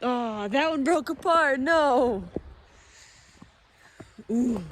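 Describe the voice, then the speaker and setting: A woman's voice: high-pitched, animated, drawn-out words. A young woman vlogging outdoors in the snow, playful and chatty as she coaxes her dog, a little out of breath. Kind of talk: casual vlog playing with her dog.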